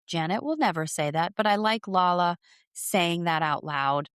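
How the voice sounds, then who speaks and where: A woman's voice: fairly low pitch, fairly bright tone, smooth, dry recording, studio quality. A woman co-hosting a podcast, bluntly giving her opinions on reality TV in casual chat. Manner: blunt, emphatic, quick agreements. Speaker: podcast co-host.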